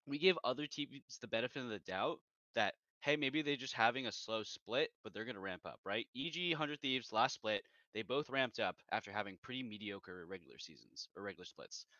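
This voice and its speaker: A man's voice: mid-range voice, animated, fairly quick, hardly any pauses, sharp tone, no echo. A man co-hosting a podcast in casual chat, ranting in a heated, exasperated way. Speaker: podcast co-host. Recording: dull lo-fi recording.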